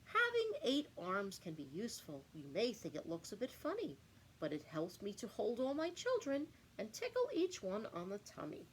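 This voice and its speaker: A woman's voice: mid-range voice, wildly swooping pitch, moderate pace, slight background noise, low-quality recording. A woman voicing a doting mother octopus, reading a storybook aloud. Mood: fond. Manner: fond and playful.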